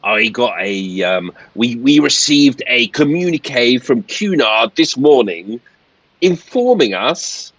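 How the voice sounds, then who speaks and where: A man's voice: fairly high pitch, fairly bright tone, dry recording, pitched above the performer's own voice, heavily acted, low-quality recording. A man voicing an indignant, pompous male ship captain who blusters about his authority. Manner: blustering and self-important.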